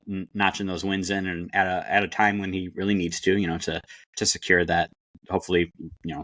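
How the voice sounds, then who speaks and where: A man's voice: low voice, fairly bright tone, dry recording. A man co-hosting a podcast in casual chat, talking with many fillers and restarts. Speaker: podcast co-host.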